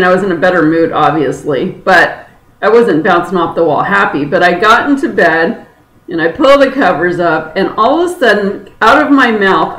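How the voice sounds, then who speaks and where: A woman's voice: mid-range voice, fairly bright tone. A woman teaching a spiritual webinar in a candid, chatty and earnest way, laughing easily as she talks. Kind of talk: informal spoken teaching. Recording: roomy echoey sound.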